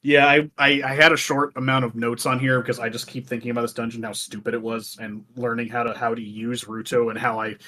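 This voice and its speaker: A man's voice: mid-range voice, little pitch movement, a little fast, hardly any pauses, pushed and bright. A man co-hosting a casual podcast, telling a story with lots of swearing and voiced quotes. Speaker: podcast co-host. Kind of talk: casual chat.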